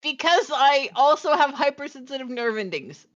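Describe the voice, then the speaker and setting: A woman's voice: high-pitched, lively intonation, normal speed, a bit bright. Giggly, hesitant woman on a dull mic. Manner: giggly, hesitant, many fillers. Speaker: player. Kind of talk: casual chat during a tabletop game. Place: online voice chat.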